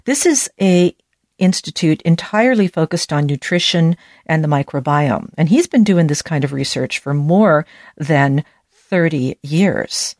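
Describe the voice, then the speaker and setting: A woman with a low, grounded voice hosts a health podcast as a doctor. She explains research in a chatty, folksy manner, with casual asides along the way. The sound is dry and close, with no room around it. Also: expressive, measured pace, darkish tone, dry recording. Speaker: host, medical doctor. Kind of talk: scripted health podcast talk.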